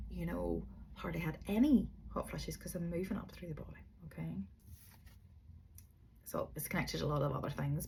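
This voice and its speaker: Gravelly low-voiced middle-aged woman. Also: a little mellow, slight background noise. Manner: chatty, rambling, encouraging. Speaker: yoga teacher and energy reader. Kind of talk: casual spiritual monologue.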